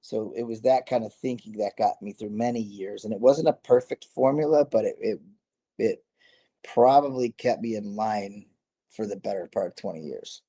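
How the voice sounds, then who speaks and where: Low, husky-voiced man telling stories. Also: normal speed, mellow. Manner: rambling, self-correcting, laughs often. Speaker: guest, former MMA fighter. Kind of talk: casual storytelling interview.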